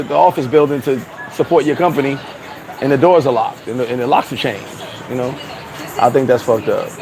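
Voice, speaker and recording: A man with a medium-pitched voice chats casually on a live stream, reading comments aloud in a loose, rambling way while swearing and laughing at himself. The audio quality is poor.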